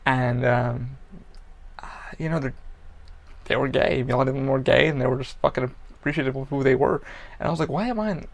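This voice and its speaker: A man's voice: medium pitch, vocal fry. A man hosting a podcast, talking bluntly and profanely in a rambling personal monologue. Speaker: podcast host.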